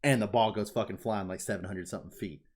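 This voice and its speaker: A man with a fairly low voice talks through a story on a casual podcast. He gets excitable and swears freely, peppering his talk with "like.". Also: quick pace. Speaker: podcast co-host. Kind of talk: casual chat, retelling an anime plot.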